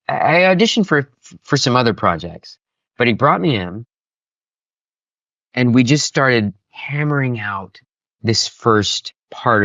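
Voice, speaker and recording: A man with a lowish voice chats about his voice work as an interview guest, animated and expressive. The sound is dry and close. It has a somewhat dull, lo-fi quality. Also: dry recording. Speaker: voice actor guest. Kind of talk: casual interview chat.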